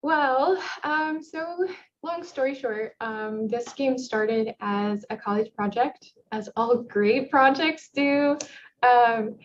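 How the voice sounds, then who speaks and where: A woman's voice: a little high, slow. Give me a friendly young woman rambling about her game, faint hiss behind her. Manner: friendly, rambling, many ums. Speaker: solo game developer. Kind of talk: casual interview chat. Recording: dull lo-fi mic with faint noise.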